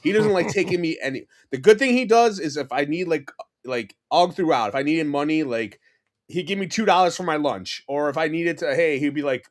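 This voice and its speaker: A man in his forties from New York City, a podcast guest telling rambling, animated stories in casual chat with lots of fillers and restarts. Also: a little high, a little fast.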